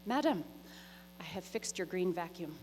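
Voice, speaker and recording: A woman's voice: on the low side, expressive, moderate pace, darkish tone, long reverb tail, a little hiss or hum, lightly acted. A woman voicing an easygoing male repairman who keeps putting her off in an offhand, breezy way.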